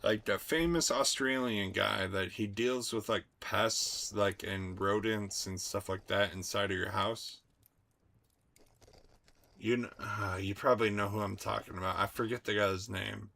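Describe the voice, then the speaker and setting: A fairly low-pitched young man with a gravelly, fry-heavy voice that still cuts through with a bright, forceful edge. He chats casually with his stream audience, swearing freely and working himself into excitable rants. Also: measured pace. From United States. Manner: profane, excitable ranting. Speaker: streamer talking to chat. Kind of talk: casual livestream chat.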